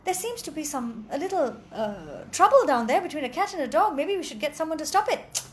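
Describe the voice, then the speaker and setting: A woman's voice: high-pitched, very animated, a little fast, a little hiss or hum, pitched above the performer's own voice. A woman storyteller voicing an anxious male royal advisor pleading with his king. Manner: fretful, pleading.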